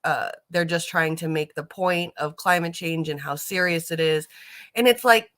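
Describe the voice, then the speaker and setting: A woman with a bright, slightly low voice talks through videos in a casual reaction commentary. She rambles and fills her sentences with ums and likes, and swears casually. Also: normal speed.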